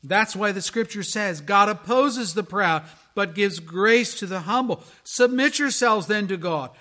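A man, a pastor, preaching a sermon with dramatic storytelling delivery that swings between hushed tones and strong proclamation. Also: high-pitched, a little slow.

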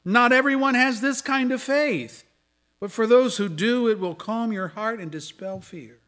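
A man preaching a sermon, swinging between loud dramatic scripture reading and hushed asides. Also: very high-pitched, unhurried. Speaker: pastor. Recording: audio of a sermon.

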